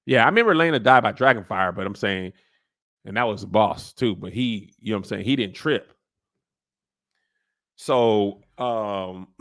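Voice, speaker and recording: A man hosting a comedic TV recap, riffing in a slangy, animated way. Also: fairly low pitch.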